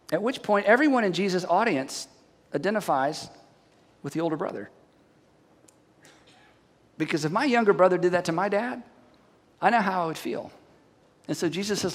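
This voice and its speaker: High-voiced pastor preaching in a hall. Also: male voice, normal speed, long pauses. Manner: animated storytelling, rhetorical questions to audience. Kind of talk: sermon. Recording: long hall reverb.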